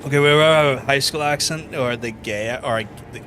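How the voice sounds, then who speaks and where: A man's voice: mid-range voice, moderate pace, fairly bright tone. A young man commentating his own gameplay live, sweary and blunt, ranting between fights. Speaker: gaming streamer. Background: game music.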